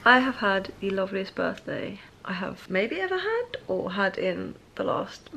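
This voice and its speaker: A woman's voice: mid-range voice, sing-song, unhurried, creaky, sharp tone, a little hiss or hum. A woman in her twenties, chatty and bubbly, talking casually to the camera in a personal vlog. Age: 20s. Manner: bubbly, chatty, laughs often. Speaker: vlogger.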